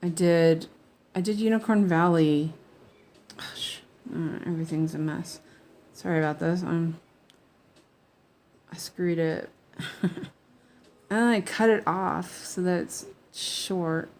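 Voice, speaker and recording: A woman's voice: on the low side, a little mellow, a little hiss or hum. A woman chatting casually while she stitches, often mumbling to herself as she works and laughing at her own mistakes. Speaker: cross-stitch crafter. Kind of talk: casual stitch-along chat.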